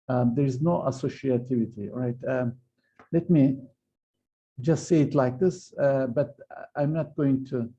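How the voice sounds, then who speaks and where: Male physics lecturer, gravelly and very dark tone, hesitant delivery, muffled lo-fi recording. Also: medium pitch. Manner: hesitant, many fillers and restarts. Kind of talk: university lecture.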